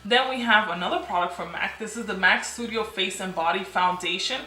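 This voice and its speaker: A twenty-something beauty and lifestyle vlogger talks fairly quickly to camera from her apartment room, chatty and enthusiastic and repeating phrases for emphasis. Her voice is mid-range, the room is echoey, and there's noisy background.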